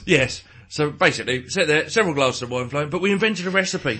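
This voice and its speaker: A husky man co-hosting a chatty podcast, his voice bright and fairly high. His pitch moves a lot as he jokes crudely and laughs his way through stories. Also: expressive, quick pace. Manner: jokey, crude, laughs often. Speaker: podcast co-host. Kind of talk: casual banter.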